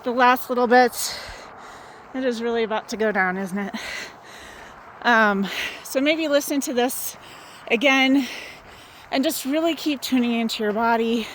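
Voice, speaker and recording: A woman hosting a wellness challenge, giving gentle, encouraging motivational talk outdoors, a little out of breath from walking. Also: a little high, measured pace, long pauses, a little hiss or hum, low-quality recording. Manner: gentle, encouraging, guiding with questions. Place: outdoors in the sun.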